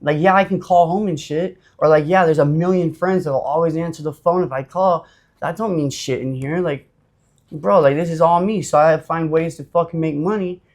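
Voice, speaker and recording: A man from Utah, a podcast guest telling his life story in a blunt, profane, animated way, full of fillers. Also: on the high side, moderate pace. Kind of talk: casual storytelling.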